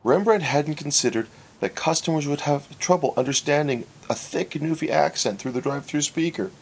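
A man reading a humorous story aloud, wry and expressive. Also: a little high, moderate pace, creaky, a little hiss or hum. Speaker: narrator. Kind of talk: storybook narration.

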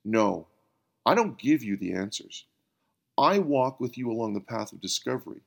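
A man voicing Jesus as a calm, patient mentor who asks gentle, probing questions. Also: medium pitch, normal speed, creaky.

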